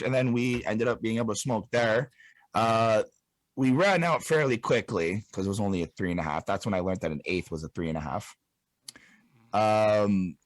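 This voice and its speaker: A man's voice: mid-range voice, no echo. A young man from Montreal's South Shore, telling a rambling, profane party story as an interview guest. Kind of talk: casual storytelling.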